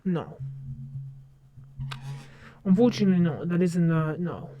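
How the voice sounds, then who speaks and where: A woman's voice: on the low side, expressive, measured pace, mellow, muffled recording. A young woman chatting casually on a livestream, rambling along and often restarting her sentences. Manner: rambling, self-interrupting with many restarts. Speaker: streamer.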